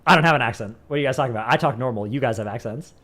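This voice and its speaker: A man's voice: mid-range voice, rapid-fire, sharp tone. A man with a Northern Californian accent, a livestreamer chatting casually with his viewers, rambling and dropping "like" into many sentences. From San Francisco Bay Area. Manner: rambling, says "like" a lot.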